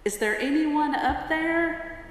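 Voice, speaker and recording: A woman's voice: sits high, slow pace, pitched above the performer's own voice. A woman preacher voicing a terrified woman tourist hanging from a cliff, pleading frantically, in an echoey church. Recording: echoey church with long reverb.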